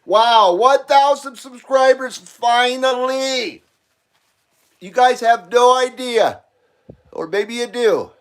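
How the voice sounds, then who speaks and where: A man hosting his own live stream, excitable and out of breath, swearing freely and laughing between remarks. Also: extremely high pitch, slow. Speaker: channel host. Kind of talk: casual live stream chat.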